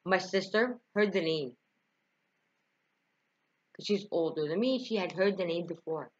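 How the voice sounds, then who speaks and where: A young woman speaks to her camera in a lowish voice, telling a deeply personal story with feeling. The recording is dull and lo-fi, like a simple home setup. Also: unhurried, breathy edge. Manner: emotional, tearful at times, frequent laughs and sighs. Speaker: vlogger.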